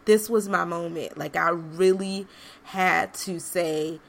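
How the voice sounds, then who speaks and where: A woman's voice: lowish voice, fairly even intonation, slow, gravelly. A woman hosting a podcast, speaking in an earnest, conversational way straight to her listeners. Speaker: podcast host. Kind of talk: reflective motivational monologue.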